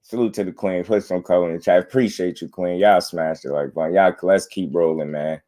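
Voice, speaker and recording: Deep-voiced laid-back livestream host. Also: male voice, steady tone, a little fast, dark tone. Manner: laid-back, laughing, talks to chat. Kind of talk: casual livestream commentary.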